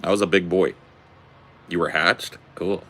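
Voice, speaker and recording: A man in his forties with a very low, deep voice, chatting casually with viewers. He jokes around and rambles at an unhurried, relaxed pace. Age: 40s. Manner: laid-back, joking, rambling. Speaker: streamer answering viewer questions. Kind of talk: casual chat.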